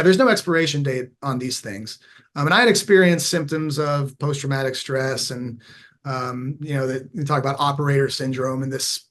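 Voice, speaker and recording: A man as a podcast guest, telling a candid personal story in an earnest, reflective way and often restarting his phrases. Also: a little high. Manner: animated when acting out past moments. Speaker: podcast guest, veteran turned mindfulness coach.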